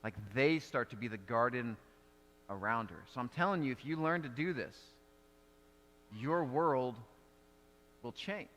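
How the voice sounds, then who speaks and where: Guy preaching, bright voice, chatty storytelling, big church reverb. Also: medium pitch, a little slow, pauses often. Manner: conversational storytelling preacher, animated delivery. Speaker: pastor. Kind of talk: sermon. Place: church sanctuary.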